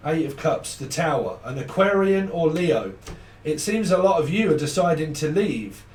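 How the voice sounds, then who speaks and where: A rambling, profane man reads tarot cards in a loose, chatty way, laughing as he goes. His voice sits a little high for a man. He is heard from a short way off the mic in a roomy, echoing space. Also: a little mellow, far from the mic, slight background noise. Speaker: tarot reader. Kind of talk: casual unscripted tarot reading.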